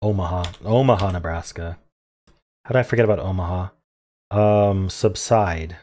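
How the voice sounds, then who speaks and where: A man solving a crossword out loud, muttering clues and thinking aloud in an unsure, self-questioning way. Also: sits low, moderate pace. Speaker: puzzle-solving video creator.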